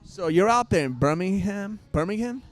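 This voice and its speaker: A male co-host asking halting questions with many restarts, interviewing a guest. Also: high voice, lively intonation, faint music behind. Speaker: podcast co-host.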